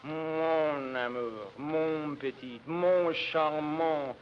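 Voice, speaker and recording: A man playing a vain continental lover with a put-on French accent, drawing out sweet nothings slowly. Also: a little high, muffled recording. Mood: crooning. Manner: drawn-out crooning endearments. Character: smooth-talking French male lover, vain. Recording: scratchy 1940s radio, studio audience.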